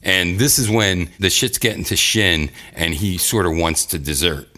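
A man's voice: low voice, normal speed, pushed and bright. A man hosting a casual chat, rambling and profane, often laughing as he recaps a story.

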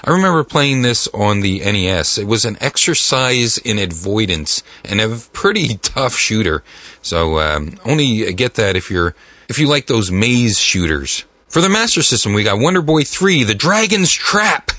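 A man hosts a casual podcast with animated enthusiasm. His voice is bright and forward, with lively pitch swings, recorded dry and close in a studio. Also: moderate pace, no room sound. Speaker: podcast host.

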